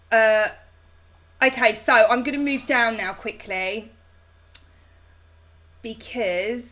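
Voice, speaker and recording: A woman's voice: medium pitch, fairly bright tone. Chatty London woman in her thirties. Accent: London English. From South London, England. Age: 30s. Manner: chatty and affectionate, calls viewers babe and darling. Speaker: host. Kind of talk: live-stream chat reading viewer comments.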